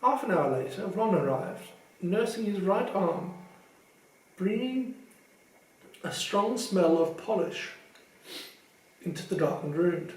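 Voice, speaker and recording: A man reading a novel aloud in a measured, expressive storytelling manner. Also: high-pitched, reverberant, far from the mic, poor audio. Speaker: audiobook reader. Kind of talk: fan audiobook narration.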